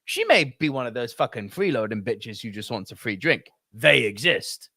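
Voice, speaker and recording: Man, podcast co-host, swearing storyteller, lively swooping pitch, dry close sound. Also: moderate pace, no echo. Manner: profane, animated storyteller. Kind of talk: casual podcast chat.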